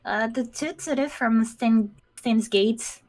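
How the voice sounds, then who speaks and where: A woman's voice: fairly high pitch, slow pace, a little mellow. A woman guest in a casual chat, hesitant and shy, giving short answers. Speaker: workshop guest.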